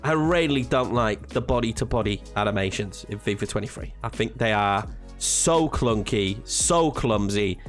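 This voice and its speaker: A man commentating his own football video game match, swinging between hushed tension and frustrated outbursts. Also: fairly low pitch, animated, normal speed, soft background music. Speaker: gaming YouTuber.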